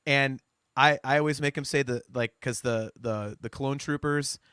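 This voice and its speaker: A man hosting a casual podcast chat, animated and teasing, often laughing. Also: mid-range voice, moderate pace, clean tone, no room sound, clean studio sound. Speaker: podcast host.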